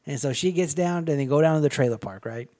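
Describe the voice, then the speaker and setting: A man casually recapping a movie with friends, animated and laughing often, jumping into silly voices for the characters. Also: a little high, fast talker. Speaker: podcast co-host.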